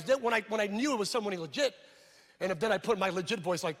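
A man's voice: high voice, rapid-fire, a bit bright. A middle-aged man, a pastor, telling a humorous story in a sermon and acting out the dialogue. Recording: reverberant hall sound.

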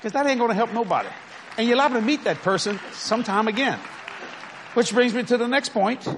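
A man's voice: extremely high pitch, a little fast, fairly bright tone, some chatter behind, slight background noise. A man preaching a sermon through folksy stories, chuckling often and checking that his listeners follow. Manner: folksy, conversational, asks the audience if they follow. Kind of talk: storytelling sermon.

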